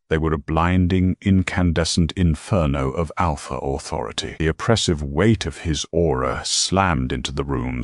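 A man narrating a fantasy story in a dramatic, measured style. His voice is extremely deep, and the recording is dry and close. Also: no room sound. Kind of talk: scripted narration.

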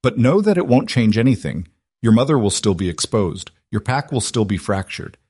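Brief: defiant wronged werewolf wife, read by a male narrator; quiet, measured, steely; dry close sound. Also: fairly low pitch, expressive, slightly rough, dry recording. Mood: quietly daring. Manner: quiet, measured, cold resolve.

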